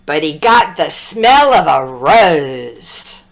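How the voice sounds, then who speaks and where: A woman reading a children's storybook aloud, expressive and drawn-out, with little asides to the listener. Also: deep voice.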